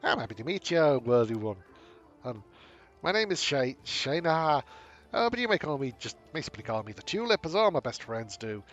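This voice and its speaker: A man's voice: mid-range voice, lively intonation, normal speed, breathy edge, soft background music. A man voicing a grand, mystical woman wanderer from far away, with a flowery, theatrical drawl, in a game. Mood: grandiose.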